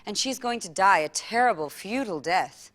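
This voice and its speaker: A woman performing a comic story in a theatrical, animated way, with laughing asides. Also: mid-range voice, normal speed.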